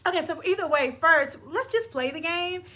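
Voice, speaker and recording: A woman's voice: very high-pitched, animated, moderate pace, sharp tone. A woman with a Southern US accent co-hosting a live stream in casual chat, playful and laughing often as she talks to her viewers.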